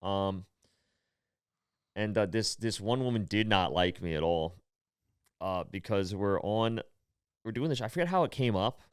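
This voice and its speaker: Smooth-voiced man in his late twenties. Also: fairly low pitch, a little slow, long pauses, dry recording, clean studio sound. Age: 20s. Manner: animated storytelling with acted-out quotes. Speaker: comedian and podcast co-host. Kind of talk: casual podcast chat.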